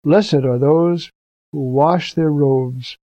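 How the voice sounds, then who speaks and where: A man's voice: a little high, fairly even intonation, slow, dark tone, no room sound. An older man, a priest, giving a conversational, earnest commentary on scripture readings for preachers. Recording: dull, dry recording.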